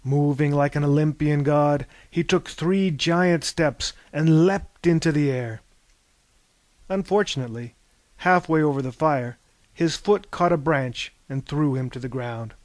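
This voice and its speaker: A man reading a comic story aloud in a slow, deadpan manner. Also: on the high side, no room sound. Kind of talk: scripted narration.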